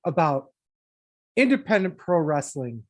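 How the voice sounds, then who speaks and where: A woman's voice: deep voice, very animated, unhurried. A woman co-hosting a casual wrestling podcast, wry and sarcastic, swearing freely. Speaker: podcast co-host. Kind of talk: casual profane podcast chat.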